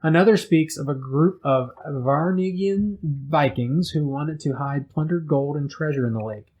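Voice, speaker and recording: A man's voice: fairly high pitch, moderate pace, a little mellow, dull audio. Joking male podcast co-host. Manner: jokey, interrupts with wisecracks. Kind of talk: casual chat, reading news.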